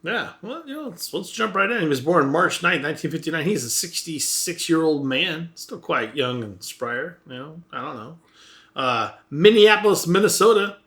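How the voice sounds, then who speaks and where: A man's voice: a little high, expressive, normal speed, fairly bright tone. A man hosting a casual podcast, chatting and joking while he leads the segment. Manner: laughs often, runs the segment. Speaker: podcast host.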